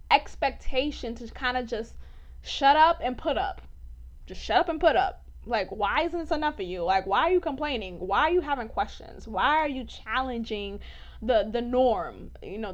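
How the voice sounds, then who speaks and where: High-voiced woman hosting a faith podcast. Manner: candid, animated, laughs often, says "like" a lot. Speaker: podcast host. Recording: dull lo-fi podcast audio.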